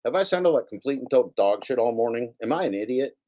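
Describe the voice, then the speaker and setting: A man's voice: mid-range voice, expressive, fast talker, highs cut off. A man hosting his own livestream, rambling casually with frequent swearing and self-mocking repeats. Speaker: livestream host. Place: home setup with computer.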